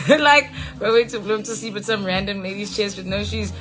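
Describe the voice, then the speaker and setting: Animated woman telling a story. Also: mid-range voice, moderate pace. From South Africa. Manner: animated, swears freely, acts out friends' lines. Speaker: livestream host. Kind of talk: casual storytelling on a live stream. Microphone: phone mic.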